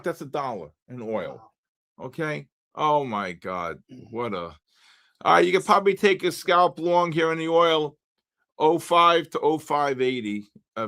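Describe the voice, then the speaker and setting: An older man hosting a live trading stream, chatting casually, greeting viewers by name and breaking into loud exclamations. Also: mid-range voice. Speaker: livestream trading host.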